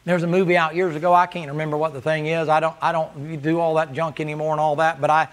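A man preaching a sermon as pastor, impassioned and rising to high, loud stretches. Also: flat delivery, quick pace.

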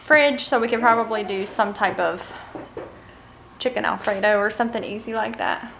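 A woman's voice: fairly high pitch, normal speed, gravelly, a bit bright, slight background noise, poor audio. A woman in her thirties, a homeschooling mother, chatting casually to the camera about her family's day at home. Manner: chatty, reads picture books aloud to children. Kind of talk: casual family vlog narration.

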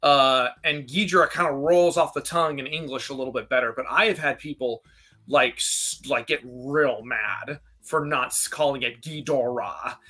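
A man's voice: medium pitch, moderate pace, pushed and bright. A man in casual chat, answering questions in a rambling, self-interrupting way with frequent laughs. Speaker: guest kaiju expert.

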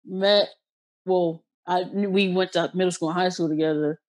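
A woman from Ohio hosting a podcast, telling personal stories in a slangy, blunt, animated way. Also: lowish voice, normal speed. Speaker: podcast host. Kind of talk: casual podcast chat.

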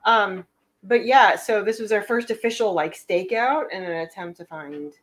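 A woman guest in a casual chat, telling stories in a relaxed way. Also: mid-range voice, moderate pace.

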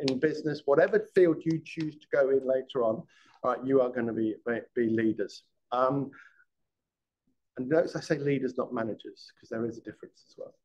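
A man's voice: mid-range voice, a little mellow, lo-fi sound. A middle-aged man, a former police detective, giving a live classroom lecture, often restarting words and checking in with the class. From England.

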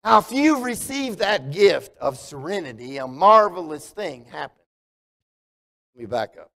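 A man's voice: on the high side, very animated, measured pace, gravelly, fairly bright tone. A man preaching a conversational sermon as pastor, asking the congregation questions. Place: church sanctuary. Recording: long hall reverb.

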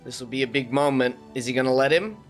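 A man hosting a game playthrough, talking in an excitable way and laughing often. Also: mid-range voice, quick pace, faint music behind. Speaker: gaming video host. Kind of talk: let's play commentary.

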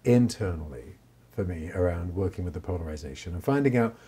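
Low husky-voiced male therapist. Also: expressive, brisk, mellow. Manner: reflective, frequent "right?" tags. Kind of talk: interview answers.

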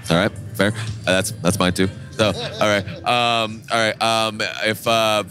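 A man with a fairly low voice hosts a podcast at a busy trade show, and faint music plays behind him. He talks in a relaxed, rambling way, full of "uh"s and restarts, as if chatting with a friend. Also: unhurried. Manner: relaxed and loose, with many fillers and restarts. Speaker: podcast host. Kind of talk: casual interview chat and storytelling.

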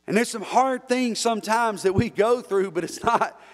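High-voiced preacher in a reverberant church. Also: male voice, moderate pace. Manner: fervent, repetitive preaching with call-and-response. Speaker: pastor. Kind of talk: sermon. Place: church sanctuary. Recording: long reverb in a church hall.

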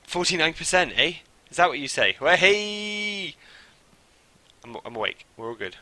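A young man streaming a game live, who swings from mumbled asides to loud, panicky shouts. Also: medium pitch, expressive, fast, dry recording. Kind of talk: live gameplay commentary.

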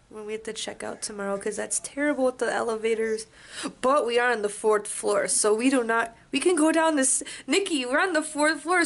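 A young woman vlogging casually to a handheld camera, chatty and excitable, sounding tired. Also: high voice. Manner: chatty, excitable, swings between upset and giddy. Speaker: cosplay vlogger. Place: crowded convention restaurant, later a hotel room.

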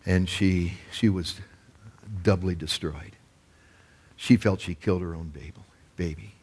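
A male pastor preaching a sermon, telling a story and rising to loud, emphatic peaks. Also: sits low, steady tone, unhurried, long pauses, breathy edge.

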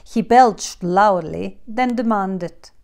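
A woman reading a fairy tale aloud slowly and clearly for learners of English. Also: mid-range voice, a little mellow. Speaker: storyteller. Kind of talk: storybook narration for English learners.

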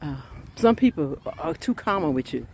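A woman preaching an informal sermon, fervent and chatty, often breaking into laughs and shouted exclamations. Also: low voice, animated, normal speed, a little hiss or hum.

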